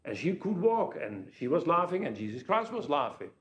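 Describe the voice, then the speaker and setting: A man's voice: a little high, very animated, moderate pace, a bit bright, reverberant. Jet-lagged man giving a joking keynote. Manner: anecdotal, joking storyteller. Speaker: keynote speaker. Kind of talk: conference keynote talk. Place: telepresence link to a conference hall.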